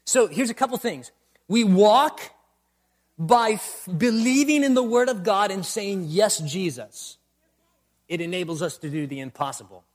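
A man preaching a sermon, building to emphatic bursts and repeating refrains. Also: high voice. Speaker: pastor.

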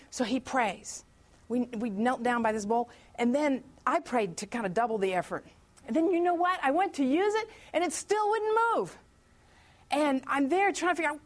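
At a church meeting, a woman with a high, expressive voice shares her personal testimony as a chatty story. She acts out her own prayers and thoughts, pausing now and then to welcome latecomers as they come in.

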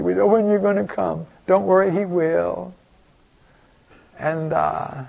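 A man's voice: high voice, steady tone, slow pace, creaky, a little mellow, breathy edge. An older man preaching a folksy, rambling storytelling sermon, full of asides and restarts.

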